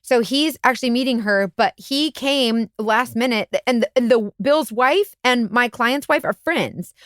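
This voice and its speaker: A woman's voice: a little slow, dry recording, clean studio sound. A woman, a private investigator co-hosting a podcast, telling a story in casual chat and acting out the quotes with big jumps in voice. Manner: animated, acts out quotes with big pitch jumps.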